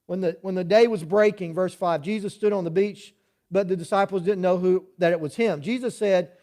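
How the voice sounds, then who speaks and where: Man, pastor, sermon, fairly high voice, conversational, church. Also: a little fast, warm tone. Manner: conversational preaching, frequent "right?" asides.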